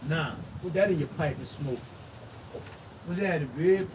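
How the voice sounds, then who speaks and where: A pastor giving a loose, emphatic sermon recap, blunt and repetitive. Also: male voice, a little high, a little slow. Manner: emphatic, repetitive, blunt street-style preaching. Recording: distant mic with noisy background.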